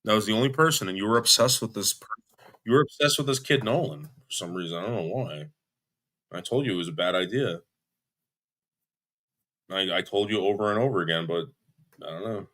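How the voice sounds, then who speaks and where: A man's voice: fairly low pitch, a little fast, pauses often, pushed and bright. A man arguing defensively on a live stream, repeating himself, restarting his sentences and swearing. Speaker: livestream guest. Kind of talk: heated argument on a live stream.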